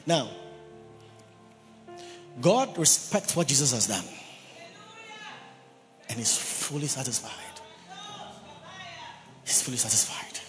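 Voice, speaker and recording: A male pastor preaching with emphasis, leaning on key words and repeating them for his listeners. His voice carries a long hall reverb, with faint music playing softly underneath. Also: medium pitch, lively intonation, takes it slowly, pauses often. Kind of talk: sermon.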